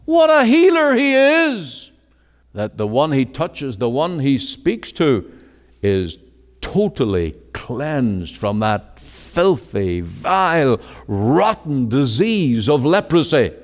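A man's voice: big pitch swings, slow pace. Man preaching in a reverberant hall. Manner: emphatic preaching, swinging from loud exclamations to hushed low words; quotes scripture in old-fashioned wording. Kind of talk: sermon. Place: meeting hall.

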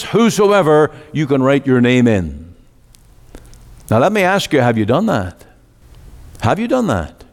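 Emphatic preacher in a reverberant hall. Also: male voice. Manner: emphatic, swings between loud rising appeals and low drawn-out endings. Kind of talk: sermon. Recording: long reverb of a large hall.

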